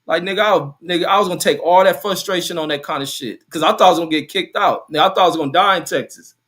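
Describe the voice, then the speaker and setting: A man's voice: on the high side, quick pace, fairly bright tone. A man from Los Angeles hosting a podcast in casual chat, swearing and loose in his talk. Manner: profane, loose and laughing. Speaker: podcast host.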